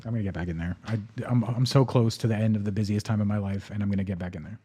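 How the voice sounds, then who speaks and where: A young man co-hosting a podcast, talking in a loose, rambling way after a few drinks and telling animated stories. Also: on the low side, very fast, slightly rough. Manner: tipsy, rambling, animated storytelling. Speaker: podcast co-host. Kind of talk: casual chat.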